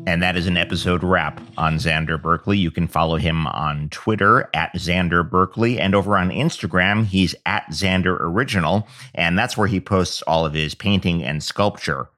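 A man reading a scripted podcast outro with credits in a brisk, upbeat way. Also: low-pitched, pushed and bright, faint music behind. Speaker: podcast announcer.

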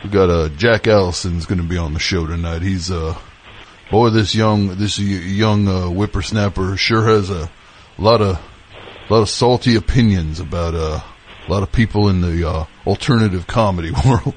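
A man voicing a folksy down-home country podcast host who rambles with drawn-out filler words. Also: deep voice, a little hiss or hum, close to an everyday voice. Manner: drawling, rambling, full of "boy" and "uh".

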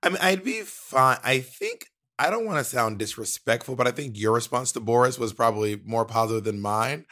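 A man from the Georgia area co-hosting a casual chat, telling animated stories and slipping into impressions. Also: mid-range voice, fairly quick, few pauses. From Columbus, Georgia area. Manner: animated storyteller who slips into impressions.

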